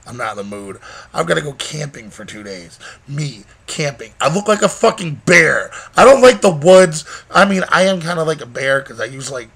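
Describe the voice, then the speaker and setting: A man's voice: a little high, expressive, normal speed, vocal fry, fairly bright tone. A young man vlogging casually, rambling and joking with heavy profanity. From Michigan, USA. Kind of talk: casual vlog rant.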